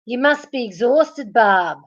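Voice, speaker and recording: A woman's voice: fairly high pitch, lively intonation, slow pace. Giggly woman hosting a live stream. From Melbourne, Australia. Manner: giggly, teasing, talks to chatters by name. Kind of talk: casual live stream chat, reading viewer comments. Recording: dull lo-fi stream audio.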